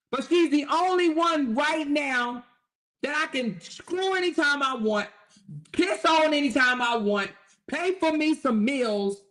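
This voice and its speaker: A bitter, self-pitying ex-husband, as a woman host mocks him rants in a high voice, swearing and jeering. The delivery is mocking satire, all grievance and spite. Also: fairly bright tone. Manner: ranting, profane, mocking. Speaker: commentary host. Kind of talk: satirical commentary role-play.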